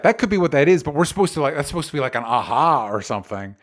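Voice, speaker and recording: Animated ranting man, fairly high voice. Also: racing. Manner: animated, exasperated ranting with profanity. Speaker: podcast co-host. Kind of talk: casual chat.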